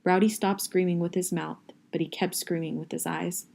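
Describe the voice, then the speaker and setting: Woman with a gravelly, low voice reading a novel. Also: steady tone, moderate pace, darkish tone. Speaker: reader.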